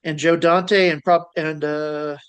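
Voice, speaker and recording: A man co-hosting a casual podcast, animated and wisecracking. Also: a little high, slow, clear, resonant tone. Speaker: podcast co-host. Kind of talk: casual chat.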